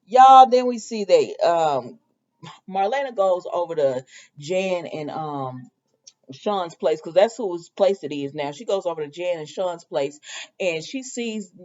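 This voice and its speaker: Casting: lively woman soap recapper, chatty, swinging voice, lo-fi recording. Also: fairly low pitch, measured pace. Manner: animated, laughing, acts out quotes. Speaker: soap opera recap vlogger.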